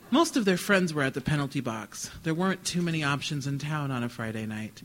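A man reading literary fiction aloud at a live event. His voice sits somewhat high for a man. He tells the story in a dry, wry way. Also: lively intonation, a little fast, hardly any pauses, fairly bright tone, low-quality recording. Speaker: author reading.

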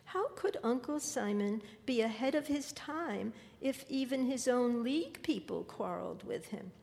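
A woman reading her literary fiction aloud in a measured, deliberate way. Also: a little high, expressive, creaky, a little mellow. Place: lecture hall. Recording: long hall reverb.

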